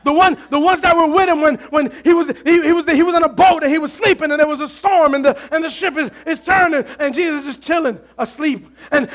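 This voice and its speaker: High-voiced impassioned male pastor preaching. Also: quick pace, few pauses, a bit bright, a faint crowd. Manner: impassioned, calls to congregation. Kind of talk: sermon.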